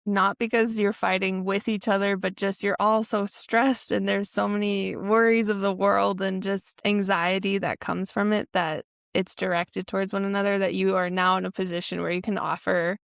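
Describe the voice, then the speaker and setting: A woman's voice: medium pitch, flat delivery, moderate pace, gravelly, hardly any pauses, dry recording, studio quality. A woman hosting a podcast interview, speaking in a reflective, affirming way. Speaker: podcast host. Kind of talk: interview conversation.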